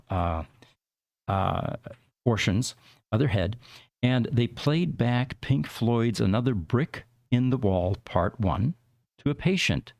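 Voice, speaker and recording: A man's voice: fairly low pitch, creaky, a little mellow, dry recording, studio quality. A man hosting a podcast, explaining tech news in a rambling, casual way with many fillers. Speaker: podcast host.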